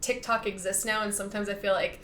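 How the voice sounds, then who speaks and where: A woman's voice: medium pitch, flat delivery, fast talker, a bit bright, slight background noise. A young woman hosting a podcast, chatting in a giggly way with lots of fillers. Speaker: podcast host. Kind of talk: casual chat. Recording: roomy echoey room.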